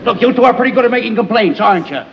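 Irritable sitcom landlord, blustering rant, very high voice. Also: male voice, expressive, racing, dull audio. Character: ranting older male landlord, irritable. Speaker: sitcom character. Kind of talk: 1950s TV sitcom acting.

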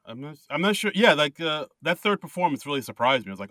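Bright man chatting, dry close sound. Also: a little high, sing-song, fast, no room sound. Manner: chatty, laughs easily, hesitant fillers. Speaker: podcast co-host. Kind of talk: casual chat.

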